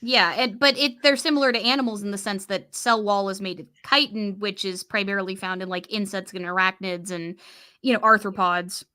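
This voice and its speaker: A woman's voice: mid-range voice, fairly even intonation, fairly quick, sharp tone, clean tone. A woman co-hosting a casual educational chat, explaining with assurance and correcting small details. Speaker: co-host.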